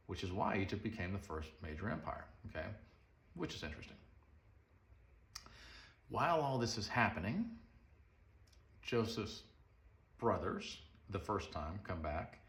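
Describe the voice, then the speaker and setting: Brief: animated male preacher, low voice, lively pitch, echoey room. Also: measured pace, pauses often. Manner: animated, conversational, rhetorical questions. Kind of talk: sermon storytelling. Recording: roomy echo.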